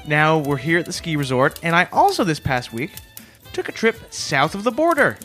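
Man, deadpan comic delivery, fairly high voice, faint music behind. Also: moderate pace. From Canada. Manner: deadpan, matter-of-fact storytelling. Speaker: comedy podcast co-host. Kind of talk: deadpan improvised comedy chat.

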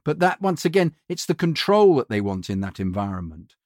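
A man, a voiceover actor, telling animated anecdotes in a casual interview. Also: medium pitch, brisk, no room sound, studio quality. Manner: animated storyteller, mimics other voices in quotes. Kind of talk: anecdotal chat.

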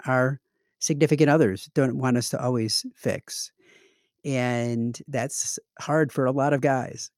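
A man hosts a podcast, talking in a reflective, measured way. His voice sits at a middle pitch and sounds dry and close to the mic. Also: darkish tone, no echo. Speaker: podcast host. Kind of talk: casual podcast talk.

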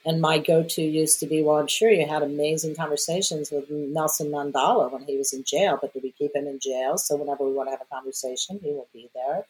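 Low-voiced woman telling animated stories. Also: rough recording. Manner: animated, acts out quoted voices. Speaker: guest. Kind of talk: conversational storytelling.

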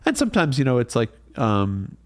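A man talking as a company executive in a casual podcast interview, pausing often with fillers and restarts. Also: mid-range voice, huge pitch swings, dry recording. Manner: hesitant, many fillers and restarts. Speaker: watch company executive, guest.

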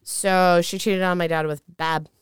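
Young woman, Midwestern American accent, candid storyteller, very clear lowish voice, dry close sound. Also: normal speed, no room sound. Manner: candid, swears freely, laughs often. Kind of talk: casual storytelling chat.

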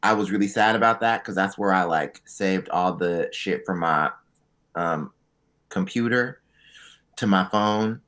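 A man co-hosting a podcast in casual chat, telling profane, animated stories with quick asides. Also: low voice. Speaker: podcast co-host.

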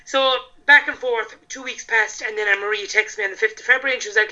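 Irish woman chatting on a podcast, very bright sharp voice, frank and animated, kinda dull lo-fi audio. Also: on the high side, fast, few pauses. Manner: animated and frank, swears freely. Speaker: guest. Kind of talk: candid storytelling in casual chat.

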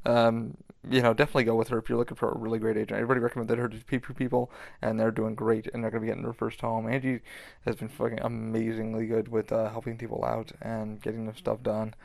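A man's voice: on the low side, completely flat delivery, fast talker, gravelly, darkish tone, no room sound. A man hosting a podcast in loose, rambling casual chat, swearing freely and filling gaps with ums and restarts. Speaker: podcast host.

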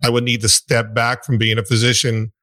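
A man with a Brooklyn accent hosts a podcast and speaks in a friendly, thoughtful way, laughing easily. His voice is bright and sharp at a mid pitch, recorded dry and close. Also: completely flat delivery, a little fast, dry recording. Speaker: podcast host, physician. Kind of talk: podcast interview.

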